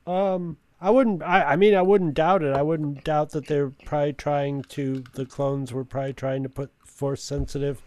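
A man co-hosting a podcast, chatting casually with halting restarts. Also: a little high, steady tone, darkish tone, dry recording. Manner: halting, many fillers and restarts. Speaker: podcast co-host. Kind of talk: casual chat.

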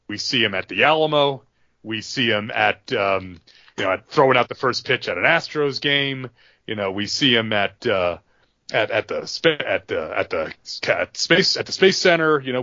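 A man's voice: medium pitch, bright, forceful tone, no room sound, highs cut off. A man hosting a podcast, spinning a story in rambling, filler-heavy casual chat. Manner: rambling, with many fillers and restarts. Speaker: podcast host.

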